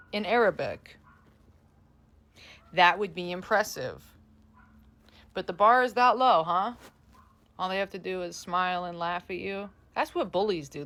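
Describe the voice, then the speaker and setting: A woman with a slightly low voice mocks her subject in a dry, unimpressed way. Her delivery is flat and sardonic. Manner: dry, mocking. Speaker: woman commenting on babies. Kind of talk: comedic rant.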